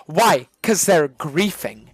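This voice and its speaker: A man's voice: a little high, animated, slow, husky, no room sound. A male streamer ranting on a live stream, swearing and arguing hard with chat. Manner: profane, ranting, argumentative.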